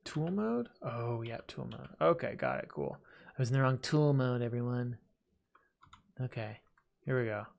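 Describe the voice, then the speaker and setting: A man with a gravelly, fry-edged voice talks through a game as he plays it. He rambles casually, mutters to himself, and pokes fun at his own slip-ups. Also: medium pitch, animated, moderate pace, long pauses. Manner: chatty, self-deprecating, talks to himself while playing. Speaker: gaming video host. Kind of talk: casual let's-play commentary.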